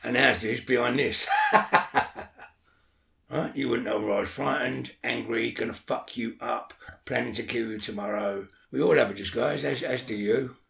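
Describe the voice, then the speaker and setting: A man's voice: mid-range voice, normal speed, gravelly, fairly bright tone, echoey room. A man talking as an interview guest in casual chat, blunt and swearing a lot, often checking that the listener follows.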